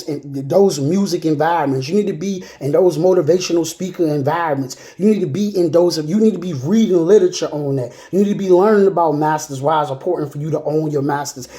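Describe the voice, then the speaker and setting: A woman's voice: lowish voice, warm tone. A woman giving a motivational talk in a casual, street-style way. She stresses her points by repeating them and keeps checking in with the listener. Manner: emphatic and repetitive, often checking in with the listener. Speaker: motivational speaker. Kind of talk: motivational monologue.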